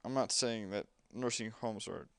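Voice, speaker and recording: A man's voice: lowish voice, normal speed, gravelly, fairly bright tone, no room sound. A young man casually commenting while playing a game, chatty and rambling with lots of fillers. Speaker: gameplay commentator.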